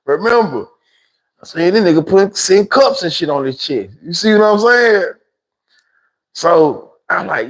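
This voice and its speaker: A man with a Memphis Southern accent spins a loose, slangy story on his phone livestream. His voice sits a bit high for a man, and he keeps slipping into other people's voices as he tells it. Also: animated, a little slow, rough recording. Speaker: livestream host.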